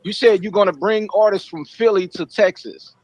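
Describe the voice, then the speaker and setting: High-voiced man scolding on a stream. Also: moderate pace, darkish tone, poor audio. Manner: scolding, lecturing, confrontational. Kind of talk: heated livestream argument.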